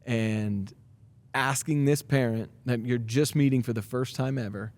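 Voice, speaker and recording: A basketball coach in his thirties answers interview questions with earnest energy, restarting sentences and leaning on fillers. His voice is mellow and warm, sitting at an ordinary pitch for a man. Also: unhurried. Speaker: high school basketball coach. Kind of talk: podcast interview.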